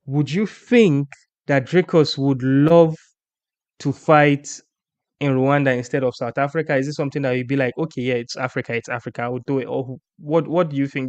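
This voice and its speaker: A man hosting a casual sports chat, animated and rambling, often restarting his sentences. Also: mid-range voice, no room sound, dull audio. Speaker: podcast host.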